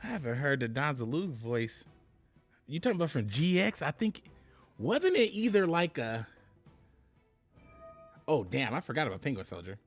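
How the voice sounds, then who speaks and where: Casting: lively male streamer, animated swings in pitch, chatty and joking, faint music underneath. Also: normal speed, long pauses. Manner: animated, laughing, chatty with chat viewers. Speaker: game streamer. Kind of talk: live gameplay commentary.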